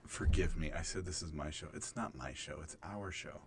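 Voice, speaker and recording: A man's voice: very deep voice, little pitch movement, moderate pace, slight background noise. A man hosting a podcast, joking and teasing his guests with mock-serious bits. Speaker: lead host. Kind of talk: casual podcast chat.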